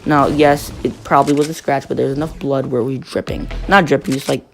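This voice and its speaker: A man's voice: mid-range voice, fairly even intonation, brisk, gravelly, faint music behind. A teenage boy telling a rambling story-time tale, full of fillers and restarts.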